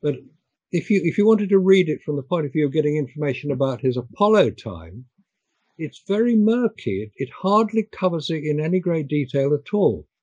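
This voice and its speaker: A man's voice: on the high side, lively intonation, brisk, mellow, husky, dry recording. Older guy on a call, hesitant, stumbles over words, dull lo-fi sound. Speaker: guest. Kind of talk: casual chat.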